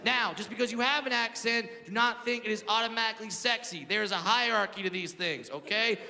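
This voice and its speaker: A man doing stand-up comedy, telling stories in a loud, animated way. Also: sits high, fairly quick. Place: live comedy venue. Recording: echoey hall with loud crowd noise.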